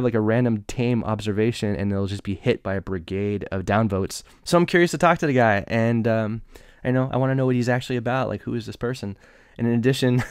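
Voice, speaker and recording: A man's voice: lowish voice, darkish tone, clean tone, no room sound, studio quality. A man in his thirties hosting a podcast, chatty and self-deprecating, joking between topics. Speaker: podcast host. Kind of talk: casual podcast monologue and interview.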